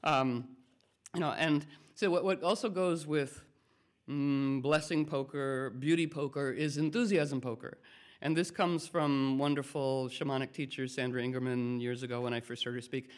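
At a moderate pace and medium pitch, a man gives a group a rambling, playful talk in the role of spiritual teacher. He drifts from thought to thought and brings quotes to life with lively voices.

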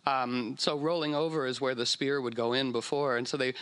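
Guy rambling through a story, pretty average pitch, lots of ums, kinda playful. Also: steady tone, a little fast, a bit bright, smooth. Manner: meandering, playful, puts on silly voices for whales. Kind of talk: casual storytelling talk.

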